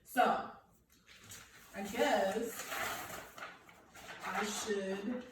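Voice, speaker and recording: A woman's voice: mid-range voice, steady tone, extremely slow, far from the mic, background noise. A woman teaching a grammar lesson to young children, explaining each point patiently and checking in with "okay" after each one. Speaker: elementary school teacher. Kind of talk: recorded remote grammar lesson. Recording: echoey room, voice from off the mic.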